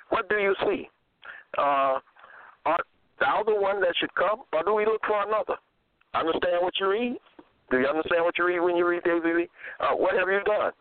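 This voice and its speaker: Man, bible teacher, repetitive rhetorical questions, somewhat high voice, dry lo-fi recording. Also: dry recording. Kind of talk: religious teaching monologue. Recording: dry, phone-like lo-fi audio.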